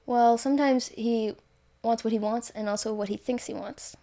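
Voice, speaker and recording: A woman's voice: on the high side, fairly even intonation, moderate pace, dark tone. A woman recounting a story in an easygoing chat. She rambles, doubles back and corrects herself with plenty of fillers. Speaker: guest author. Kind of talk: casual storytelling.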